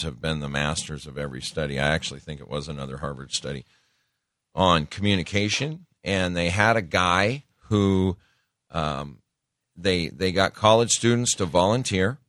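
A man's voice: very deep voice, normal speed, a bit bright, no echo, studio quality. A man giving a casual, conversational sermon, folksy, with many fillers and asides.

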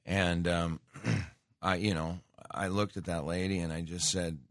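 Deep-voiced and unhurried, this talk show host keeps a steady tone in a rambling, casual radio monologue. He often restarts and wanders into asides, and the studio microphone recording has no echo.

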